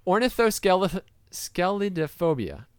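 A man's voice: high-pitched, very animated, unhurried, clear, resonant tone, no room sound, clean studio sound. A man hosting a casual comedy podcast, playful and often laughing mid-sentence. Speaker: podcast host.

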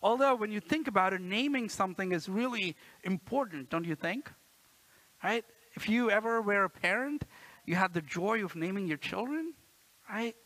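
Bright, high-voiced pastor preaching casually. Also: male voice, lively intonation, moderate pace, no echo, low-quality recording. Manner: conversational, keeps asking the congregation "right?"; playful, acts out quotes with a raised voice. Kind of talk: sermon. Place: church.

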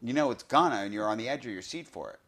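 A man hosting a podcast, talking through a film review in an excited, casual way, often saying "you know". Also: mid-range voice, racing, slightly rough. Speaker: podcast host.

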